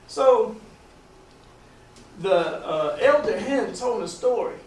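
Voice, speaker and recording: A man with a fairly high voice tells a long story in a loose, rambling way, often restarting his sentences. He sounds distant from the mic, in a roomy space with a faint hum of noise behind him. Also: expressive, takes it slowly, a little mellow. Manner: rambling, with many restarts and casual grammar. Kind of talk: casual oral storytelling.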